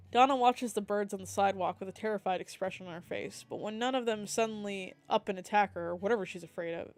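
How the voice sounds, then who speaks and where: A young woman, a streamer, reading the text of a dating game aloud with lively asides and slips. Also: medium pitch.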